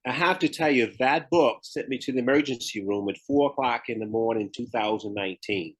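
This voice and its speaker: The speaker, a retired pro bodybuilder and author from Memphis, Tennessee, talks with a US Southern accent as a podcast interview guest, laughing often and telling his story candidly. His medium-pitched voice runs a little fast with a breathy edge, and the recording is rough.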